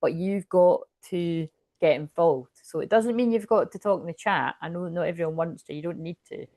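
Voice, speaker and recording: A woman's voice: lowish voice, moderate pace, mellow, no room sound, clean studio sound. A Scottish woman giving a casual, rambling tarot reading to camera. She often breaks into laughter. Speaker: tarot reader.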